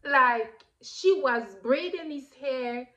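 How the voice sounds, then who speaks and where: French-native woman vlogger, high voice, chatty, laughs a lot. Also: slow pace. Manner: animated, laughing, many fillers. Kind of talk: casual storytelling.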